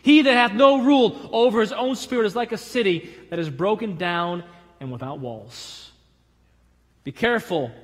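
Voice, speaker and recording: A male pastor preaching a sermon, rising to loud emphatic calls and dropping low, and acting out the voices of people in his stories. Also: big-room sound. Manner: acts out voices in stories with a laugh. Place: church sanctuary.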